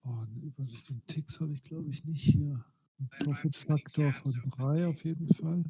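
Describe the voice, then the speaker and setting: A man's voice: on the high side, fairly even intonation, moderate pace, warm tone, lo-fi sound. A man in a casual chat patiently explaining trading figures step by step. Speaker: trader explaining statistics.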